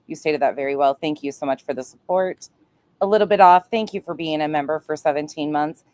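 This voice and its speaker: A woman's voice: low-pitched, a little fast, a little mellow, no room sound. A woman giving reaction commentary on a clip, blunt and profane. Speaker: commentary streamer.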